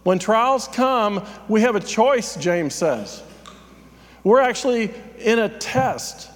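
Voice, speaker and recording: Pastor guy preaching, lots of ums, kinda high voice, echoey church hall. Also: lively intonation, slow pace. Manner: conversational and self-deprecating, with frequent fillers. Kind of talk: sermon.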